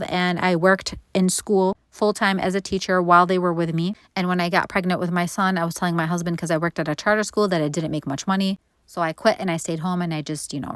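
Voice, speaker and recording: A woman's voice: medium pitch, no echo. A woman in her forties hosting a baking channel, talking candidly and chattily in a Q&A vlog. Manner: chatty, candid, animated quoting. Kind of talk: casual Q&A vlog.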